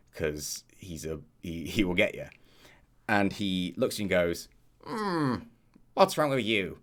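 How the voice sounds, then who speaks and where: A man narrating a tabletop game as game master, relaxed and rambling with many hesitations. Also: low-pitched.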